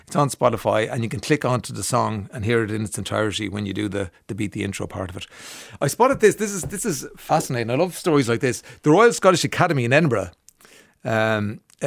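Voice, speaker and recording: An Irish man hosting a radio show in casual chat, enthusiastic and chatty, often pausing on "um" and restarting his sentences. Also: mid-range voice, vocal fry, dry recording, clean studio sound. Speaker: radio host. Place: radio studio. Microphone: studio microphone.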